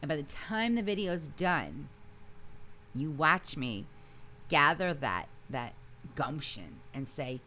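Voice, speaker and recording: A woman guest in a casual interview, telling her story in an animated, emphatic way with frequent restarts. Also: low voice, slow, slight background noise. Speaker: interview guest, singer and video creator.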